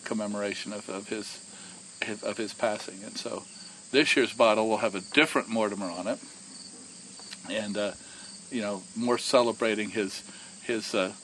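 Animated storytelling man, crickets behind. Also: fairly low pitch, moderate pace, slight background noise, low-quality recording. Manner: animated, repeats and restarts words. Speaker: whiskey distillery co-founder. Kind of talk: casual storytelling.

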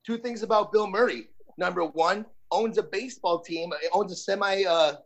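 A man's voice: high voice, moderate pace, muffled recording. A man co-hosting casual sports radio, jokey, provocative and rambling. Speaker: sports talk co-host.

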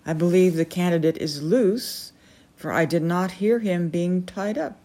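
A woman's voice: lowish voice, a little slow, warm tone. A woman voicing a friendly male merlin hawk captain, polite and explanatory.

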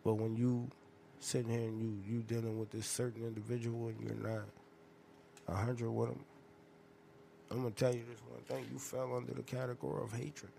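A man hosting a podcast, telling stories in a profane, animated, rambling rant. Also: mid-range voice, fairly quick, creaky, a little hiss or hum. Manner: profane, animated storytelling with loud laughing outbursts. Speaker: podcast host.

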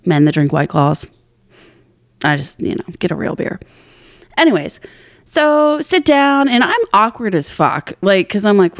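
A woman co-hosts a casual podcast and tells a long story in a rambling, self-mocking way, with plenty of swearing. Her voice sits in a middle pitch. It is recorded close and dry, with almost no room sound. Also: very animated, a little slow, long pauses, no echo. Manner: rambling, profane, self-deprecating. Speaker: podcast co-host.

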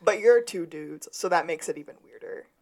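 A woman with a lowish, slightly mellow voice speaks at a normal pace. She's co-hosting a podcast, casually recapping a TV episode from her notes and laughing often as she retells the scenes.

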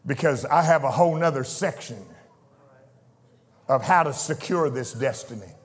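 A man preaching a fervent sermon, swinging from soft asides to shouted declarations. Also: mid-range voice, animated, moderate pace, big-room sound. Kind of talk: pentecostal sermon. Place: church sanctuary.

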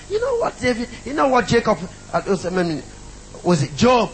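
A man's voice: sits high, wildly swooping pitch, normal speed, a little hiss or hum, rough recording. A middle-aged man preaching a sermon, emphatic and repetitive, calling out to the congregation.

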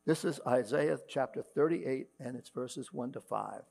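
A man's voice: medium pitch, a little slow, creaky, a little mellow. A man preaching a sermon as pastor, reading scripture aloud with rising emphasis, with a mains hum behind him. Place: church.

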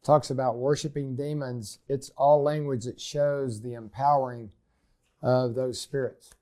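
Calm man with a mellow voice. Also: mid-range voice, unhurried. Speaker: Bible co-teacher. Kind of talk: Bible lesson discussion.

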